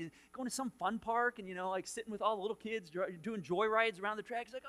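High-voiced storytelling male pastor. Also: fast talker, hardly any pauses. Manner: storytelling, animated, many restarts and quoted dialogue. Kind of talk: sermon.

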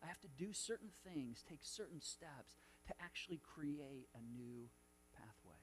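A man's voice: fairly high pitch, animated, a little slow, a little hiss or hum. A middle-aged male pastor preaching a sermon, telling a personal story with lots of quoted dialogue and restarts.

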